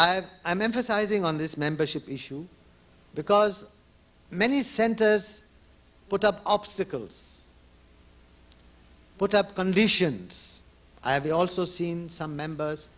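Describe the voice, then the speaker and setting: A man's voice: a little high, a bit bright. A man addressing devotees at a conference as an organization leader, speaking earnestly and repeating key points for emphasis. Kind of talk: conference speech. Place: conference hall.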